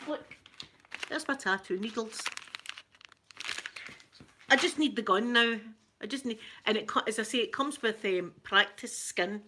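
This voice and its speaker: A woman's voice: on the high side, measured pace, long pauses, bright, forceful tone, slight background noise. A middle-aged Scottish woman chatting casually to her viewers as an ASMR channel host, rambling and poking fun at herself. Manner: chatty, self-mocking, rambling.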